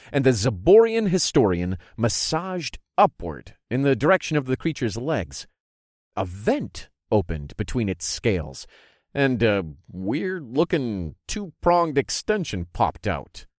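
Narrating a first-person fantasy audiobook, a man with a medium-pitched voice tells the story expressively and gives the characters their own lines. The recording is studio quality, with no room sound.

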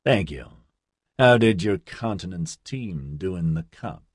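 Weary male executive, short dry replies, read by a male narrator. Low and husky. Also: lively intonation, a little slow, no echo. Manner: weary, clipped.

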